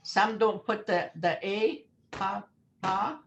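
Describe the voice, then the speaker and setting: Older woman teacher on a video call, unhurried and patient, faint hiss behind. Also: medium pitch, fairly bright tone, muffled recording. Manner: slow, patient, repeats words for learners. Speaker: language teacher. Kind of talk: language lesson over a video call.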